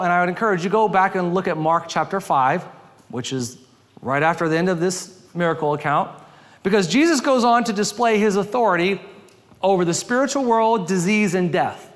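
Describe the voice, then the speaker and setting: A man preaching a sermon as a pastor, rising for emphasis and dropping low and quiet for quoted lines. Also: in a large hall.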